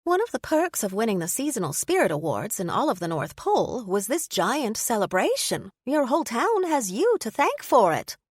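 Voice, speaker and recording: An eager, chirpy female reporter with a raised, lively voice, as a storybook narrator puts her on. She fires off her questions brightly and a touch louder than the narration. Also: on the high side, moderate pace, hardly any pauses, slightly rough, no echo, studio quality, pitched above the performer's own voice, exaggerated voice.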